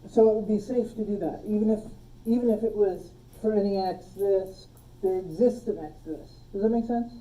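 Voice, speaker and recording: A woman teaching a logic class, relaxed, quizzing her students and joking with them, recorded on a phone in a classroom. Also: medium pitch, moderate pace, recorded from a distance, low-quality recording. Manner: relaxed, asks the class questions and jokes. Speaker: logic instructor. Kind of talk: classroom lecture. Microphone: phone streaming the class.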